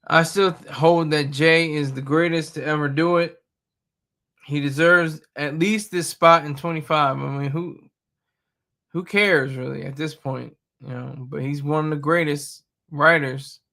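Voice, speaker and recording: A man's voice: fairly high pitch, fairly even intonation, unhurried, creaky, bright, forceful tone. A man in his thirties hosting a casual live stream, talking in a blunt, rambling and opinionated way. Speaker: streamer host.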